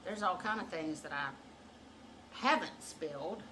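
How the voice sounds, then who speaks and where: A woman hosting her own channel, chatting casually and acting out quotes loudly as she tells a comic story, often laughing. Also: lowish voice, animated, measured pace, noisy background. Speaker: channel host. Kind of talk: casual chat.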